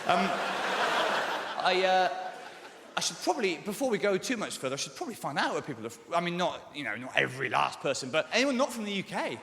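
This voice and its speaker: A man's voice: high-pitched, very animated, fast talker, gravelly, fairly bright tone, slight background noise. A man performing live stand-up comedy on stage, rambling and hedging with lots of ums and sort-ofs. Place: large live venue on stage. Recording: echoey hall from the stage.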